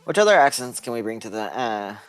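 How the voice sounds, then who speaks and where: A man with a Texan accent co-commentates a game tournament, tossing in dry jokes. His pitch rises and falls a lot, the mic sound is close and dry, and soft music plays underneath. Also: big pitch swings, fast, no echo.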